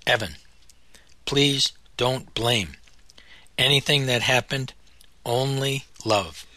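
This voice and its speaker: A frail, loving mother near the end, as a man reads her lines, her words coming slow and halting with a faint rasp. The tone stays bright and close, with no room sound around it. She speaks softly, pausing between phrases. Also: mid-range voice, dry recording. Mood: tender, frail. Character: frail dying elderly mother, gentle and loving.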